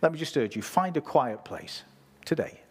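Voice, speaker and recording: Male preacher, husky voice, casual sermon, talks to the congregation. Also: fairly high pitch, sing-song, moderate pace. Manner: conversational preaching, reads scripture, asks listeners.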